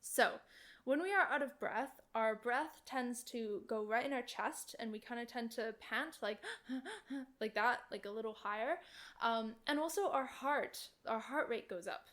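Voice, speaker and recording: Young woman host, slightly high voice, chatty and upbeat, casual advice podcast. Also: moderate pace, fairly bright tone. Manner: chatty and enthusiastic, full of "like" and "literally". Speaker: podcast host and oboe student.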